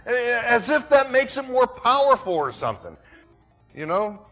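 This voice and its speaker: Animated, high-voiced man preaching a sermon. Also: unhurried, soft background music. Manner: dramatic, rhetorical, mimics voices. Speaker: pastor.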